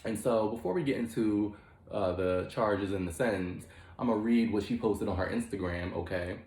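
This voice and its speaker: A man's voice: fairly low pitch, normal speed, darkish tone. A man hosting a comedic mock courtroom commentary, profane and emphatic, peppering his talk with "child" and "okay". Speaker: host. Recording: roomy echo.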